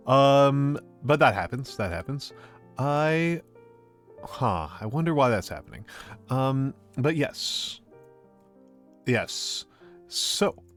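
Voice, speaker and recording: A man streaming as a VTuber, chatting casually with his live viewers in a rambling, gently playful way, often repeating his own phrases. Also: medium pitch.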